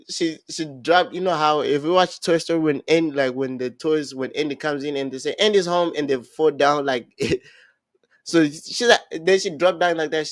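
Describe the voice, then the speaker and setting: A young man hosting a podcast, casually recapping a reality show and acting out what people said, with many halting restarts. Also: fairly high pitch, dry recording. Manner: animated storyteller, acts out quotes, halting restarts. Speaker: podcast host.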